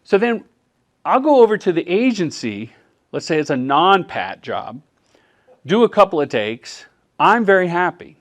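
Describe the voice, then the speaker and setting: A middle-aged man, a commercial director, giving a live workshop talk as an animated storyteller. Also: high-pitched, unhurried. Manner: animated storyteller who acts out quotes.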